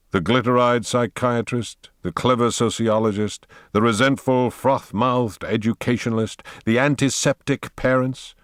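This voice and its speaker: A man giving a slow, dramatic reading of an audiobook as its narrator. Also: on the low side, dry recording, clean studio sound. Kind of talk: scripted narration.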